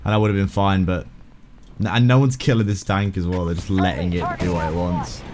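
A man's voice: low-pitched, steady tone, fairly quick, noisy background. Grumbling man over game gunfire. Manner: frustrated, grumbling, casual swearing. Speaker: gaming video creator. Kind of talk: live gameplay commentary. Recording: loud game gunfire underneath. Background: game gunfire and vehicles.

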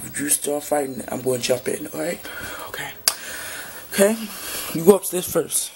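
A woman's voice: low voice, animated, moderate pace, vocal fry, warm tone. A woman talking in a casual, slangy way during an amateur reality-show role-play. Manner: casual slangy back-and-forth. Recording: noisy home recording.

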